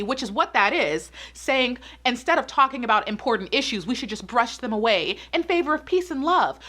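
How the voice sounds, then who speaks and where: Fired-up woman with a bright voice. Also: high-pitched. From United States. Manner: emphatic, repeats points for stress, gets worked up. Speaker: pageant commentary YouTuber. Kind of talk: opinionated commentary vlog.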